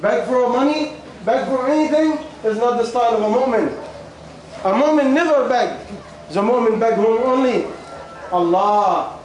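A man's voice: very high-pitched, lively intonation, moderate pace, a little mellow. A man preaches, repeating questions and coaxing answers from the crowd. He is losing his voice. The sound rings around a big echoing hall with faint noise. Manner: questioning, repetitive, coaxing the audience. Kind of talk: sermon with call and response. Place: large echoey hall with audience.

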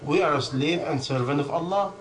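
A man with a fairly high voice delivers a sermon in non-native English. He hammers home each point with long lists and quick rhetorical questions, then answers them himself. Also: a crowd in the background, rough recording. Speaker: preacher.

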